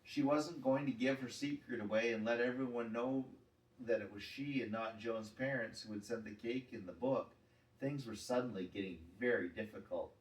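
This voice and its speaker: A man reading a children's chapter book aloud in a gentle, measured storytelling manner. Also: mid-range voice. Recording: roomy, distant mic.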